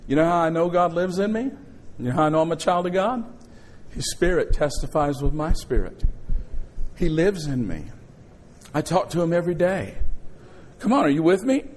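A middle-aged man preaches from the pulpit with a high-pitched voice. He tells a personal story, then turns it into a lesson. He keeps calling out to the congregation for responses. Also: fairly quick. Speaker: pastor. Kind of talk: sermon.

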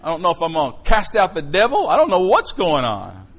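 A middle-aged man preaching a sermon, telling a personal story in an animated way that swings from hushed lines to shouts. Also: a little high, a little fast, rough recording.

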